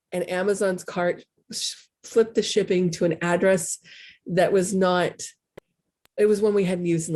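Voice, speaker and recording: A woman's voice: on the low side, dark tone. A middle-aged woman talking candidly in a casual, rambling way as a spiritual coach hosting a show. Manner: candid, rambling, self-deprecating. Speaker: spiritual coach and podcast host. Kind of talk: casual heartfelt talk.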